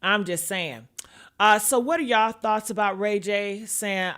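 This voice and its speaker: A woman's voice: mid-range voice, measured pace, fairly bright tone. A woman giving brash, profane livestream commentary, chatting with her viewers and teasing them by name.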